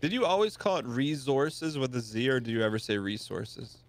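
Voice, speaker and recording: A man's voice: mid-range voice, big pitch swings, rapid-fire. American man from Michigan, curious chat. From Michigan, USA. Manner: curious, asks lots of questions. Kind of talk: casual chat while gaming.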